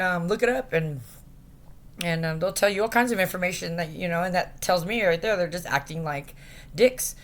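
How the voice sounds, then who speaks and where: A woman speaking into a phone camera in a rambling, distressed rant, halting and profane, with many fillers. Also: on the low side. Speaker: vlogger.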